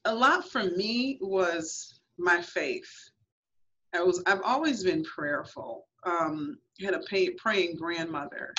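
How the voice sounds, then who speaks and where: A woman's voice: on the low side, slow pace, sharp tone. Earnest woman on lo-fi radio. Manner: earnest, emphatic, reenacts her past thoughts. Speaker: guest author. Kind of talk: personal testimony in a radio talk show. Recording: lo-fi radio audio.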